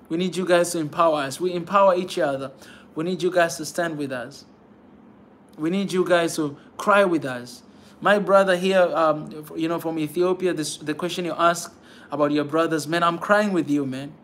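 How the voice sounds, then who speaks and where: A man's voice: a little high, a bit bright, a little hiss or hum. A man hosting a pan-African channel, talking to his viewers with fervent, repetitive urging and a constant "man" at the ends of his phrases. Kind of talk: impassioned livestream talk to viewers.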